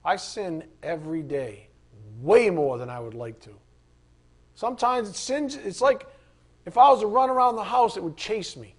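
High-voiced man teaching scripture. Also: animated, normal speed, slightly rough. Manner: earnest, reads passages aloud with casual asides. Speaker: Bible study teacher. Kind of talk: conversational Bible teaching.

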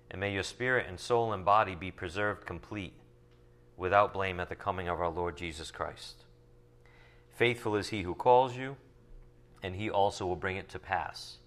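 A man teaching from the Bible, reading verses slowly and then explaining them in casual asides full of rhetorical questions. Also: on the low side, a bit bright. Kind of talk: sermon teaching from scripture.

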